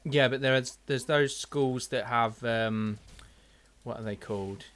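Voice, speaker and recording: A man's voice: mid-range voice, slow pace, a bit bright. A man hosting a casual podcast chat, rambling and searching for words, swearing casually. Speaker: podcast host.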